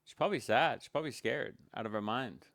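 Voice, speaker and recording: A man's voice: medium pitch, fast, fairly bright tone, dry recording. A man reacting to a stream with blunt, sarcastic commentary.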